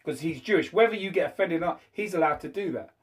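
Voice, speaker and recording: Host, casual debater, fairly high male voice, stumbling, lots of restarts. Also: animated. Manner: hesitant, halting speech with many restarts.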